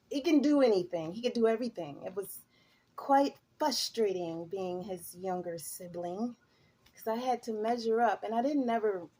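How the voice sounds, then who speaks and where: A woman's voice: mid-range voice, darkish tone, husky. A woman giving a tarot reading, musing and chatty, who now and then breaks into laughter. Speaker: tarot reader.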